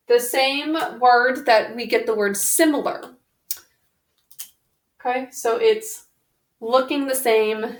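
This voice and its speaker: A woman teaching a spelling lesson on video, patiently sounding out words one sound at a time. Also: sits high. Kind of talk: slow, careful spelling lesson. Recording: roomy echo.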